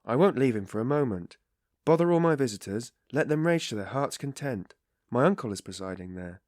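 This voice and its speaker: A tipsy, blustering young man, read by a male narrator pushes his voice up and loud, loyal and impatient. The sound stays dry and close. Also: mid-range voice, expressive, fairly quick, no echo, pitched above the performer's own voice, lightly acted.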